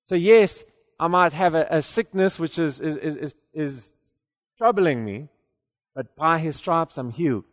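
A man's voice: on the high side, unhurried, in a large hall. A man preaching a sermon in a conversational way, often repeating words and then rising to emphatic declarations.

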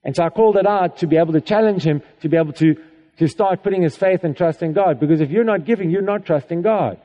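A male preacher with a high, mellow voice delivers a sermon in a chatty, conversational way. He often checks in with the congregation and laughs as he talks. His voice carries a long reverb from a church hall. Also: fast, lo-fi sound.

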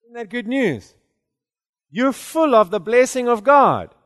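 A man's voice: extremely high pitch, very animated, a little slow, a bit bright, in a large hall. A man preaching a sermon in a conversational way, often repeating words and then rising to emphatic declarations.

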